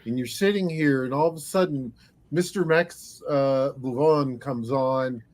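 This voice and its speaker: A man chatting on a livestream, telling stories in an animated way. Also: mid-range voice. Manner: animated storyteller, doing quick voices. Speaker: streamer guest. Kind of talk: casual chat.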